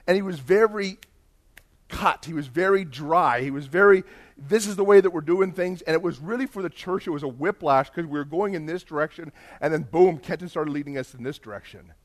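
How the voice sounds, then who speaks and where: A male pastor telling a story in a sermon, animated and emphatic, acting out the dialogue. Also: on the high side, brisk.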